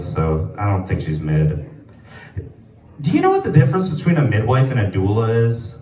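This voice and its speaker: Rambling stand-up comic man, lively voice. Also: on the low side. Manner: rambling, full of fillers, laughs at own jokes. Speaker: stand-up comedian. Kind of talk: live stand-up set. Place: small comedy venue, sparse audience. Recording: echoey room, mic from a distance.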